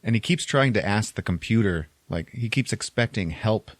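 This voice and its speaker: A man co-hosting a podcast, casually retelling a movie plot with animated acted-out quotes and laughter. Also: fairly low pitch, normal speed, no echo. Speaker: podcast co-host. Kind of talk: casual movie recap chat.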